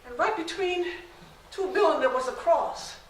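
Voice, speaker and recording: High-voiced freed slave mom, devout, telling her story with feeling, woman acting it, echoey room from far back. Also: animated, normal speed, slight background noise. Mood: weary. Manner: emotional first-person storytelling. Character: former slave woman, devout, determined mother. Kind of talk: one-woman historical stage monologue. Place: large echoey library room.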